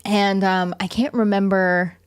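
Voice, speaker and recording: A woman's voice: medium pitch, steady tone, a little slow, smooth, dry recording, clean studio sound. A woman vlogging to her viewers in a casual, rambling way, full of fillers and restarts. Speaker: vlogger and parent.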